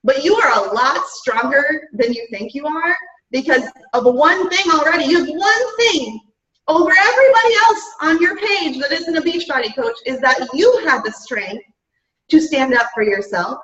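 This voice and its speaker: A woman's voice: sits high, animated, moderate pace, a bit bright. A woman giving an upbeat, chatty motivational talk to her business team, often saying "guys" and "right?". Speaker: fitness business coach. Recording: roomy, distant, dull-sounding mic.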